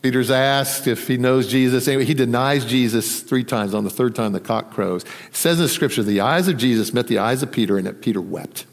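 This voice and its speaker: A man preaching a sermon, conversational and animated, acting out the voices in the story. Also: mid-range voice, brisk, hardly any pauses, in a large hall. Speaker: pastor.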